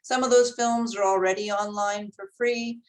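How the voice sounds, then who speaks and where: A woman's voice: medium pitch, steady tone, normal speed, rough recording. A woman from a film board staff joining a video-call panel, explaining in a friendly, informative way.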